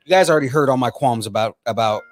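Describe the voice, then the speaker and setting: A man's voice: mid-range voice, fast. A man co-hosting a casual podcast chat, talking with enthusiastic, opinionated energy and often repeating himself as he builds a point. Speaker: podcast co-host.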